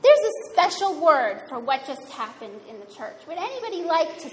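A woman's voice: sits high, very animated, normal speed. A woman giving a sermon in a conversational, wryly humorous way. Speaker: preacher. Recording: reverberant hall, faint room noise.

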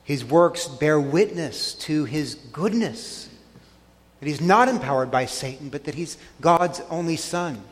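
A man preaches from the pulpit with a slightly high, earnest voice. He leans hard on key words and draws phrases out slowly for emphasis. His voice rings with the long reverb of a church hall. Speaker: pastor. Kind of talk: sermon.

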